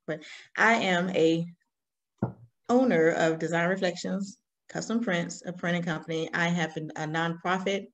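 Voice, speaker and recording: A woman in her forties with a Southern American accent, telling her story as an interview guest with lively, laughing energy. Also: lowish voice. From Alabama, US. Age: 40s. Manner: animated storytelling, laughs often. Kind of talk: conversational interview.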